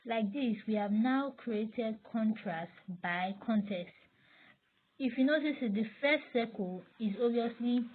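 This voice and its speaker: A woman teaching graphic design, explaining step by step as she works on screen. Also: medium pitch. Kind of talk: screen-recorded tutorial. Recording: tinny, phone-like audio with faint noise.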